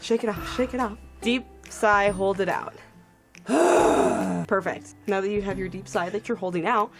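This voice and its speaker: A woman's voice: mid-range voice, fairly even intonation, a little fast, faint music behind. A young woman coaching a screaming vocal tutorial, upbeat and encouraging, demonstrating with sighs and growls.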